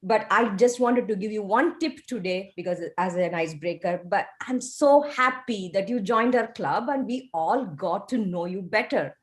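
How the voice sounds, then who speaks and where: A woman's voice: mid-range voice, lively intonation, moderate pace, few pauses. A woman evaluating a club member's first speech over a video call, in an encouraging, teacherly way.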